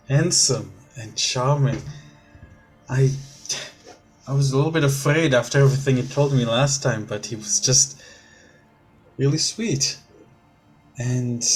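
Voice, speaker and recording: A man's voice: medium pitch, close to an everyday voice. A man voicing a sweet, dreamy young woman who is soon to be queen, who talks in a gushing, hesitant way. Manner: gushing, hesitant, with many halting restarts.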